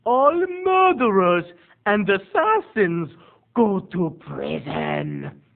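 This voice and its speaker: A man putting on the voice of a spaced-out, morbid older woman, slow and eerie, recorded with tinny lo-fi sound. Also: high-pitched, gravelly, voice pushed up, full character voice. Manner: slow, flat, spooky delivery.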